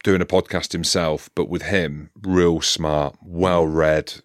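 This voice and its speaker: Deep-voiced man hosting a podcast. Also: fairly even intonation, takes it slowly, no room sound, clean studio sound. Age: 40s. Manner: banter, teasing, calls people mate. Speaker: podcast host. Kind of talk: casual podcast chat.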